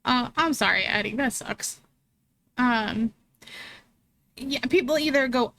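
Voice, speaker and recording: A young woman with a high voice chats casually on a live stream. She laughs easily and answers her viewers' messages as they come in. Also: moderate pace, pushed and bright. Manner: chatty, laughs often, reads chat aloud.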